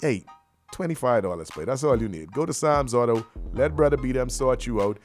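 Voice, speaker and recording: A man hosting a radio show, talking in loose, slangy, joking patter full of shout-outs. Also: mid-range voice, expressive, fairly quick, faint music behind. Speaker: radio host.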